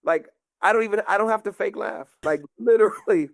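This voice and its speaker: A man's voice: high voice, a little fast, gravelly, no room sound, studio quality. A comedian guest chatting casually and animatedly, acting out voices as he tells stories. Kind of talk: casual storytelling chat.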